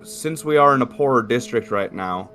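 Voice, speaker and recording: A man's voice: mid-range voice, lively intonation, normal speed, fairly bright tone, soft background music. A man in his fifties playing a tabletop game, easygoing and self-mocking, tripping over his words. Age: 50s. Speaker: player. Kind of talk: casual tabletop game chat.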